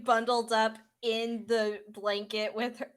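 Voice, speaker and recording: A woman playing a tabletop game, quick and joking in casual talk. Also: a little high, level tone. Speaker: player.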